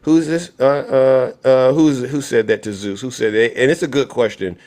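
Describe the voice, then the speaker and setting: A man's voice: mid-range voice, moderate pace, darkish tone. A man hosting a livestream, giving heated political commentary and answering his chat directly in an angry tone. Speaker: livestream host.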